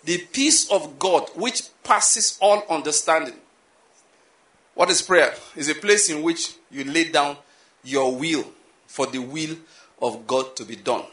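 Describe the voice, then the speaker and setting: A man preaches in a voice pitched slightly above the usual and cutting bright. He repeats key lines and throws questions at the congregation. The sound bounces around a roomy, echoing hall. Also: takes it slowly. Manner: animated, repetitive preaching with rhetorical questions. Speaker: pastor. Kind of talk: sermon.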